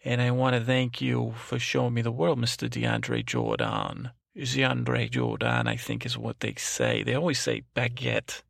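Guy doing a rambling overprotective old granny, super gravelly, dry close mic. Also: mid-range voice, normal speed, hardly any pauses, dry recording. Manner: meandering, trails off, frequent restarts and "I don't know". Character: rambling overprotective old grandmother, cranky and suspicious. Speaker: podcast host. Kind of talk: comic improvised monologue.

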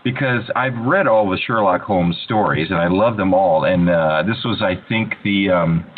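A man in casual interview chat, an animated storyteller who often restarts his sentences. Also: deep voice, moderate pace. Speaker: voice actor guest. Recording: tinny phone-like line with faint hiss.

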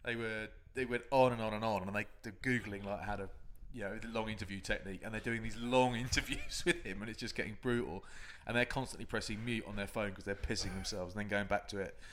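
A man co-hosting a podcast, telling a story in an animated way with frequent laughter. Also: on the low side, quick pace, hardly any pauses, a little hiss or hum. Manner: animated, laughing as he tells stories. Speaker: podcast co-host. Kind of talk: casual storytelling chat.

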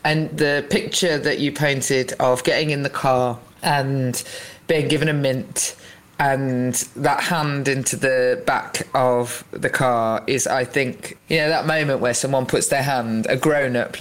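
A podcast host reflecting aloud in a rambling, appreciative way during an interview. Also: mid-range voice. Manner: musing, rambling, warmly appreciative.

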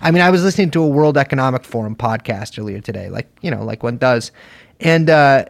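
Sardonic man with a lively pitch. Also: fast, creaky, no echo. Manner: sardonic, jumps up in pitch for emphasis, swears. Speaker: podcast co-host. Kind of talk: casual political discussion.

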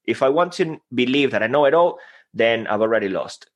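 A man's voice: medium pitch, expressive, fairly quick, muffled recording. A man whose first language is Spanish, speaking earnestly as a motivational guest in a podcast interview. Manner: earnest, motivational, self-deprecating.

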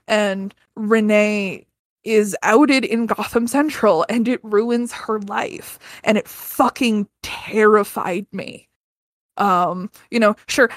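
A woman in her thirties speaks at a middle pitch, earnest and candid, swearing freely and often starting a sentence over. The sound is close and dry, with no room around it. She talks casually, as a podcast guest. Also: no room sound. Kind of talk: casual personal storytelling.

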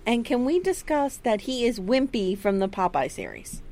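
A woman co-hosting a podcast in casual chat, animated and profane, laughing often. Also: on the high side, moderate pace. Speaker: podcast co-host.

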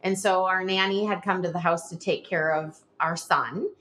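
A middle-aged woman guests on a podcast, telling a personal story in an interview. She is animated, says "like" constantly, and reenacts past conversations. Her voice is fairly low-pitched, at normal speed.

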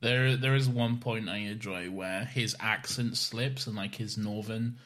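A man co-hosting a podcast in relaxed, easygoing chat, peppered with "like" and "you know.". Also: fairly low pitch, a little slow. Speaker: podcast co-host. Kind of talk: casual chat.

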